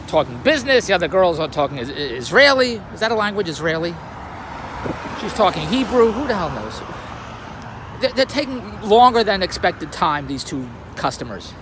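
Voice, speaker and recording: A man with a very high voice tells a rambling everyday story in a grumbling, self-amused way, his pitch bouncing up and down as he goes. He sits in a car by a busy street, and traffic noise comes through clearly behind him. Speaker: vlogger.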